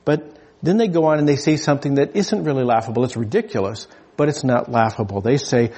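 Husky man preaching a humorous sermon. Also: mid-range voice, brisk, darkish tone. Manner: conversational, humorous, with frequent restarts.

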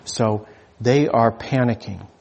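A husky male preacher delivers a sermon in a loose, conversational way. He jokes with his listeners, often restarts his sentences and speaks at an everyday pitch. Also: slow pace, a little mellow. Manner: conversational, humorous, with frequent restarts.

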